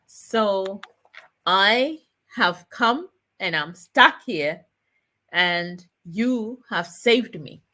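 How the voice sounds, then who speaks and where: Woman putting on a weary old man long trapped at a mill, low, heavy and solemn, speaking slowly, a touch lower than her usual voice. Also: expressive, sharp tone, heavily acted. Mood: regretful. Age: older.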